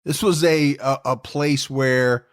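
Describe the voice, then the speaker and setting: A man's voice: medium pitch, fairly even intonation, slow pace. A man co-hosting a true-crime podcast, telling the case in a casual, joking, conversational way. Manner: jokey, conversational storytelling with asides. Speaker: podcast co-host.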